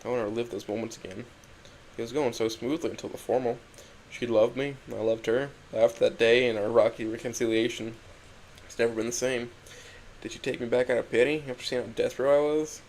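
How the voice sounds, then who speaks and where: A young man reading a first-person story aloud in a quiet, introspective, halting way. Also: mid-range voice, fairly even intonation, slight background noise, poor audio. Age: young adult. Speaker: narrator.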